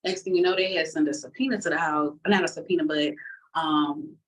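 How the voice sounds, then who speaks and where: A woman's voice: sits low, a little fast, distant mic, poor audio. A woman telling her personal testimony in a casual, conversational way, acting out the people in her story. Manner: animated, acts out the other people in her story.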